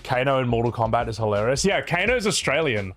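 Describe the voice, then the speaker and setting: A man's voice: medium pitch, very animated, quick pace, fairly bright tone, faint music behind. A man chatting casually on a live stream, blunt and opinionated, swearing freely and rambling through his points with restarts.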